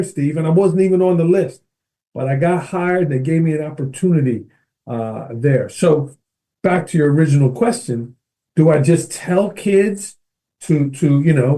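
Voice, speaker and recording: A middle-aged man talking as a podcast guest, spinning an energetic story and often tossing in a quick "right?" to his host. His voice sits a little high for a man, yet it sounds warm and mellow. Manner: energetic, keeps checking in with "right?" and addresses the host by name. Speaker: podcast guest, educator and speaker. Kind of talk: animated storytelling in conversation.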